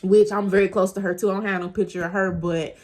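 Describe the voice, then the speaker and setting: A woman in her thirties tells a story from her own life to her viewers in a relaxed, chatty vlog. She keeps speaking straight to them and laughs often along the way, and her voice sits at an ordinary middle pitch. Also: fast. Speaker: vlogger. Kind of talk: casual storytime.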